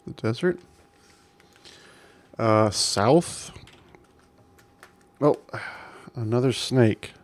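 A man's voice: medium pitch, lively intonation, very slow, long pauses. A man casually commenting while playing an old adventure game, reading game text aloud with amused chuckles.

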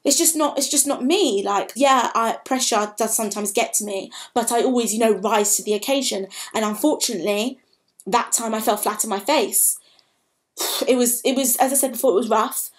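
Young woman, candid halting vlog storytelling, emotional, slightly high-pitched voice. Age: 20s. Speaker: vlogger.

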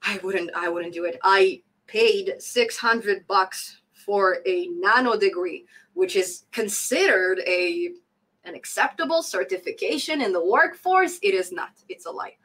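A woman's voice: medium pitch, expressive, unhurried, a bit bright, poor audio. A woman in her thirties hosting a casual coding live stream, reading chat comments aloud, laughing often and repeating phrases for emphasis.

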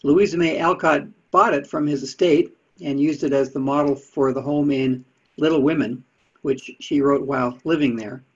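A man's voice: a little high, fairly even intonation, normal speed, slightly rough. A man giving a casual lecture on history with slides, chatty, with dry asides. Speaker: presenter of talks on Unitarian history. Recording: dull lo-fi sound.

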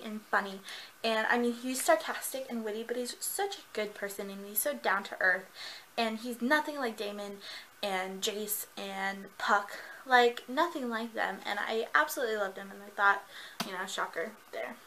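A young woman gushing excitedly in a casual vlog. Her voice is very bright and sits a little high, and she laughs often while she talks. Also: normal speed, a little hiss or hum, low-quality recording. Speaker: book reviewer.

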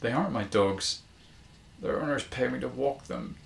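A down-on-his-luck dog walker, voiced by the male reader, cracks dry jokes and grumbles about his luck. His voice is low and gravelly, close to the reader's own. A roomy echo hangs around it. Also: normal speed, fairly bright tone. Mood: dejected. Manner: wry, joking banter, turning glum.

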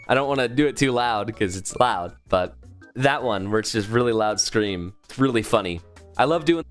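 A man, a voice actor, chats casually with viewers on a livestream, rambling playfully and filling gaps with ums. His pitch moves animatedly throughout, with faint music beneath. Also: expressive, normal speed. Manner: playful, giggly, rambling with fillers. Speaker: voice actor streaming.

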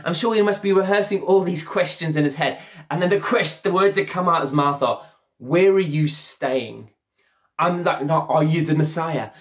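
Storytelling preacher with a slightly high voice. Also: male voice, fairly quick, hardly any pauses, fairly bright tone. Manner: storytelling, acts out the characters' lines. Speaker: pastor. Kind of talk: sermon. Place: church, streamed online service.

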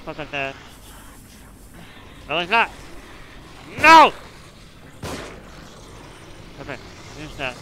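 A frustrated man commentating his gameplay, swearing constantly and swinging between muttered complaints and yelling outbursts. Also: on the high side, a little slow, long pauses, a little hiss or hum, rough recording. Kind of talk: raging let's-play commentary.

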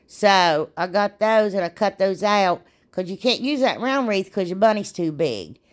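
A woman's voice: mid-range voice, lively intonation, unhurried. Chatty woman narrating crafts. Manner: chatty, rambling, laughs at herself. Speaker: DIY craft vlogger. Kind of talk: casual voice-over narration of crafting.

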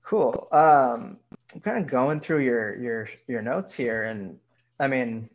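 A man hosts a relaxed podcast chat in a gravelly voice of middling pitch. He keeps cheering on his guest, and his questions come with plenty of "um". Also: slow pace, dull audio. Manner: encouraging, frequent "um". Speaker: podcast host. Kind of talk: casual podcast interview.

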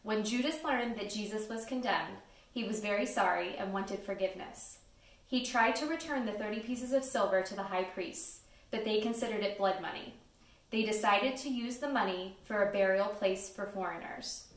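A woman's voice: mid-range voice, moderate pace. A woman reading a story carefully aloud as a narrator in a church pageant. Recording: echoey church, distant mic.

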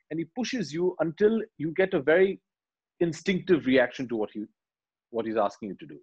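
A man, animatedly retelling film scenes in an interview and quietly acting out the lines. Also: fairly high pitch, a little fast, husky, muffled recording. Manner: animated storyteller, acts out dialogue lines quietly. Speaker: actor, interview guest.

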